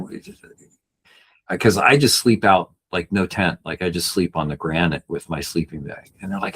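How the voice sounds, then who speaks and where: A man with a very low, husky voice tells a personal story on a podcast. He circles around with restarts and fillers as he talks. He sounds like a backpacking guide speaking from experience. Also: moderate pace, a bit bright. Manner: rambling, with many restarts and fillers.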